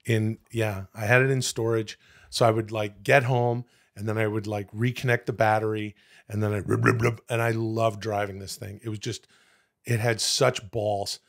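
A man from Canada co-hosting a podcast, telling a rambling story with lots of fillers and sudden bursts of excitement. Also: lowish voice, normal speed. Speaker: podcast co-host. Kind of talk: casual chat.

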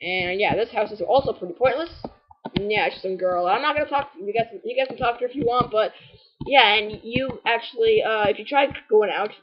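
A woman's voice: a little high, a little fast, lo-fi sound. A woman casually commenting on a game walkthrough, rambling and sarcastic with lots of "like" and "anyways". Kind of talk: casual let's-play commentary.

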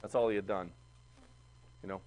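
A man teaching a history class, chatty and animated, asking the class questions. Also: low voice, moderate pace. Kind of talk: classroom lecture.

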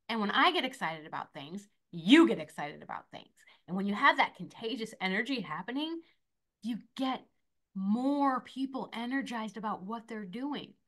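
A woman in her forties, an esthetician and motivational coach, talking in a bubbly, animated way as an interview guest and acting out the voices she quotes. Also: fairly high pitch, moderate pace. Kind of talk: energetic interview talk.

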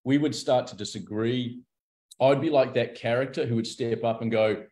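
A man's voice: mid-range voice, moderate pace. A man, a guest in a candid interview, speaking openly and acting out the people in his stories. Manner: animated storyteller, acts out quoted characters.

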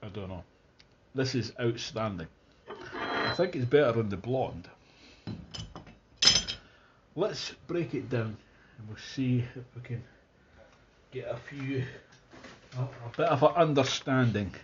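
A Scottish man chats his way through a beer tasting, enthusiastic and thinking aloud with plenty of restarts. His voice sits mid-pitch. The recording sounds a little dull and muffled. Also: animated, slow pace, pauses often, noisy background. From Scotland. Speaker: beer reviewer. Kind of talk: casual tasting review.

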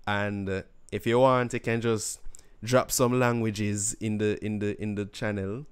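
A man's voice: lowish voice, little pitch movement, unhurried, clean tone. A man from Jamaica hosting a podcast in a loose, slangy casual chat. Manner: loose, slangy, with bro and fam. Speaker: podcast host.

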